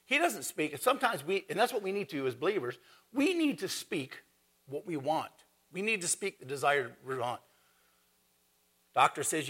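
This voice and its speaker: A man preaching a sermon in a conversational, animated way, quoting scripture and talking to the congregation. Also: on the high side, normal speed, pauses often, breathy edge.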